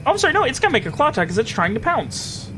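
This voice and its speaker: High, lively man running a tabletop game. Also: rapid-fire, a loud crowd. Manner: lively narration full of ums and self-corrections. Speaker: game master.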